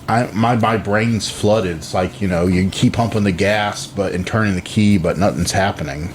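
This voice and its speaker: Low-voiced man chatting, halting and rambling. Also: noisy background. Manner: halting, with many restarts. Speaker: podcast co-host. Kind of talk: casual chat.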